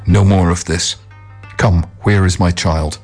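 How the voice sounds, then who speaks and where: A man's voice: sits low, steady tone, measured pace, a little mellow, soft background music. A man voicing a desperate, grief-stricken father who demands answers urgently in a storybook reading.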